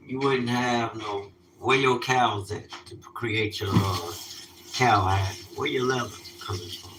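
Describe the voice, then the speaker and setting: A man giving a blunt, profane, preachy rant to his viewers, in a noisy recording. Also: lowish voice. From United States. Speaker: self-described teacher. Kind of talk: casual ranting monologue.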